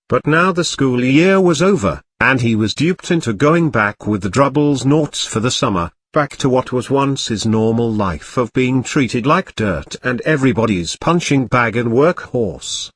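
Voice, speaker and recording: A man reading a comic storybook parody aloud in a wry, lively way. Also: medium pitch. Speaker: audiobook reader.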